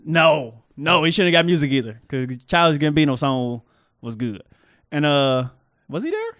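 A man's voice: on the high side, moderate pace, fairly bright tone, no echo, studio quality. A man co-hosting a casual podcast chat, joking, needling and often laughing. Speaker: podcast co-host.

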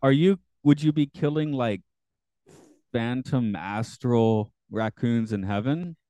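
A man's voice: mid-range voice, slow pace, mellow, no room sound. A man hosting a podcast, reading show notes and chatting casually in a rambling, hedging way. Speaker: podcast host.

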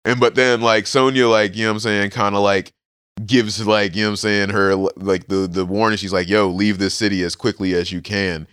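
Podcast co-host, male, low and smooth, loose slangy recap style with quick character voices. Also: level tone, fairly bright tone, no room sound, studio quality. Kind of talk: casual chat recapping a manga.

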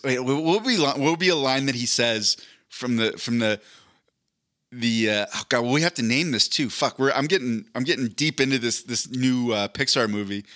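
A man's voice: mid-range voice, normal speed, a bit bright. A man hosting a podcast in casual, rambling chat, joking and swearing freely. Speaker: podcast host.

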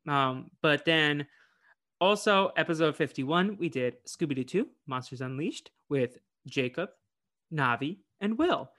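A man's voice: fairly high pitch, expressive, measured pace, pushed and bright. A man hosting a podcast, chatting casually and playfully as he rattles through plugs. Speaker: podcast host. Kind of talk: casual chat.

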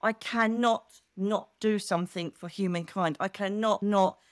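A middle-aged woman talks as a podcast guest, animated and expressive as she tells her stories. Her voice sits at an ordinary pitch for a woman. The sound is dry and close, with no room echo. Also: a little slow. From England. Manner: animated, expressive storyteller who acts out quotes. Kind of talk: casual chat.

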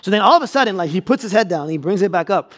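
A young adult man preaching a sermon, telling a personal story with animated delivery and repeating key lines for emphasis. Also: sits high, racing. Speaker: pastor.

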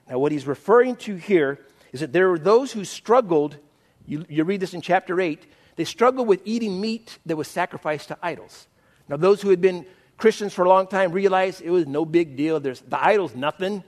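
A middle-aged man preaches in a relaxed, storytelling manner, often poking fun at himself. His voice sits fairly high for a man. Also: normal speed. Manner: conversational storytelling, self-mocking humor. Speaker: pastor. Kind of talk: sermon.

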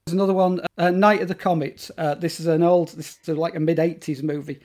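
A man's voice: fairly high pitch, flat delivery, a little fast, a little mellow. A man talking as a guest in a casual interview about horror films, enthusiastic and rambling, with plenty of fillers and restarts.

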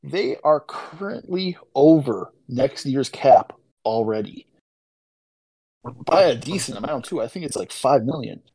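A man's voice: mid-range voice, lively intonation, a little slow, dark tone, breathy edge, no echo, low-quality recording. A man co-hosting a sports podcast, talking in an exasperated, incredulous tone. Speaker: podcast co-host. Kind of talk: casual chat.

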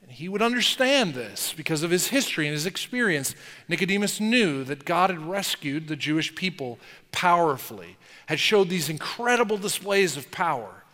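A man preaching a sermon as pastor, animated, acting out incredulous questions and dropping low for quotes. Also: moderate pace. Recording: long hall reverb.

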